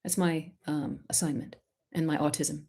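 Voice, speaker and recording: A woman's voice: low-pitched, steady tone, normal speed, husky. Impassioned woman coaching artists live. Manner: emphatic, impassioned, direct; warmly encouraging to the questioner. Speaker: art coach and live-stream host.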